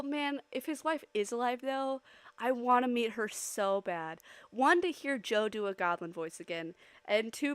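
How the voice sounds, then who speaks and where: While drawing on a live stream, a woman chats casually with her audience, giggling often and breaking into loud, excited squeals. Her medium-pitched voice is clear and resonant, and the recording is dry.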